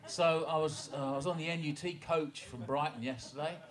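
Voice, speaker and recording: A man's voice: a little high, brisk. A man telling a rambling, self-mocking story on stage at a small pub gig, stumbling over restarts between songs. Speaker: singer-songwriter introducing a song. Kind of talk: rambling onstage anecdote at a gig. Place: small indoor pub music venue. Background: acoustic guitar.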